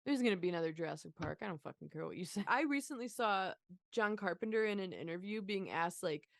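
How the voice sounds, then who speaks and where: A woman's voice: fairly low pitch, lively intonation, fast, vocal fry, no room sound, studio quality. A woman co-hosting a movie podcast in casual chat, blunt and casually profane. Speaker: podcast co-host.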